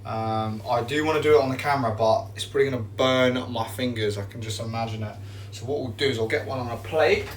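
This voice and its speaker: A man chatting casually on a live stream while he bakes in his kitchen, excitable and repeating his catchphrases. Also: medium pitch, fast, recorded from a distance, slight background noise. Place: home kitchen. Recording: roomy echo, away from the mic.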